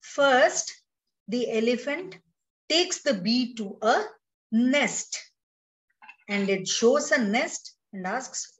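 Woman storyteller with an Indian English accent, children's read-along, very slow, slightly high voice. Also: expressive, recorded from a distance, poor audio. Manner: slow, explaining each step to children.

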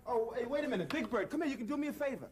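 A man's voice: very high-pitched, expressive, rapid-fire, a crowd in the background. A man in 1970s children's TV acting, talking in an easygoing, friendly, chatty way.

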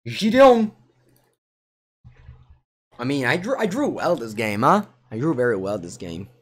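A man with an Italian accent streaming a card game, thinking aloud in low mutters with sudden excited outbursts. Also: a little fast, husky. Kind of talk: live gameplay commentary.

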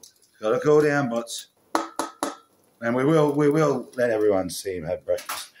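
A man's voice: mid-range voice, lively intonation, moderate pace, background noise. A man filming a home pet vlog, chatting casually and cooing to his dog in a playful sing-song voice. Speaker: pet vlogger.

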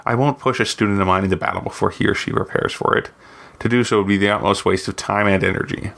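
A man's voice: on the low side, fairly even intonation, fast talker, gravelly, fairly bright tone. A man reading aloud, voicing a proud, sardonic older woman mage who teaches, with a dry, cutting manner. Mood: firm. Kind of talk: audiobook reading.

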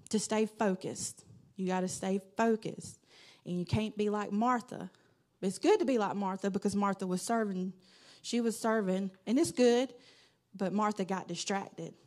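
Woman sharing a testimony at church, earnest, kinda rambly, close to tears, mid-pitched voice. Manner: earnest, rambling, quotes her own prayers. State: holding back tears. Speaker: church member giving testimony.

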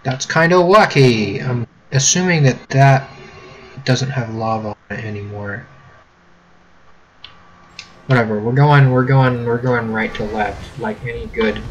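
Young american dude chatting thru a game, jokey, rambly, mid-pitched voice, bit of hum behind. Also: male voice, measured pace, pauses often, low-quality recording. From United States. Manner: joking, rambling, mock-British catchphrases. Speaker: gameplay video host. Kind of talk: casual let's-play commentary.

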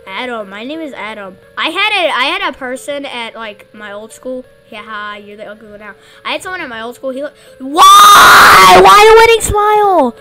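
A woman with a high, bright voice talks over a video game, excitable and blunt, cracking jokes as she plays. Faint game music hums in the background. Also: fairly quick, hardly any pauses. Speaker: gamer. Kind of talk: gameplay commentary.

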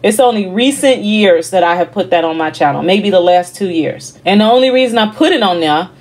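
A woman's voice: medium pitch, animated, a little fast, darkish tone. A middle-aged woman hosting her own online ministry, telling a personal testimony in an emphatic, conversational and emotional way. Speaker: YouTube ministry host.

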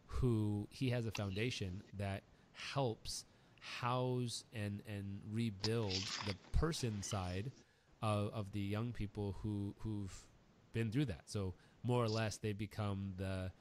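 A man's voice: on the low side, slow pace, slight background noise. A man hosting an interview podcast, talking in an earnest, emotional way and telling stories with feeling. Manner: emotional, earnest, animated storyteller. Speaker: podcast host. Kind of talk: warm conversational interview.

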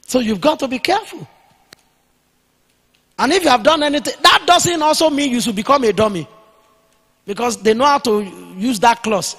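High-voiced man preaching in an echoing hall. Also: lively intonation, fairly bright tone, slightly rough. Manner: emphatic preaching, dictating points slowly for notes. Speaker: pastor. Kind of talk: sermon. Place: church hall.

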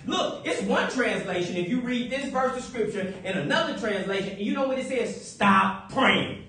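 A man preaching a sermon, animated and playful, breaking into high whoops and chuckles. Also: moderate pace. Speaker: pastor. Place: church sanctuary. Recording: echoey church from a distant mic.

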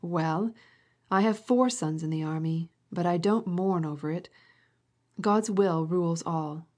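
A woman reading aloud, voicing a stout, stern elderly lady who scolds in a loud, commanding way in an audiobook. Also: fairly low pitch, measured pace. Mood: scolding.

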